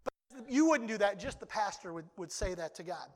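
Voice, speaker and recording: An older man preaching a sermon as a pastor, talking conversationally and breaking into sudden loud outbursts. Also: high-pitched, expressive, brisk, long reverb tail.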